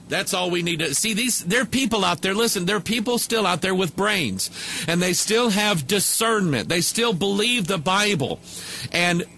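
A man's voice: fairly high pitch, sharp tone, a little hiss or hum. A man preaching to a camera microphone, talking loosely with many fillers and restarts. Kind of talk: casual video commentary.

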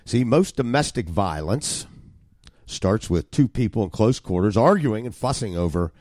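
A deep-voiced male preacher delivers an expository sermon with a wide, animated pitch range, leaping up for emphasis and sinking low. His tone is emphatic with a dry wry humor, recorded close in a dead, echo-free room. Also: moderate pace. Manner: emphatic, with sudden jumps in emphasis.

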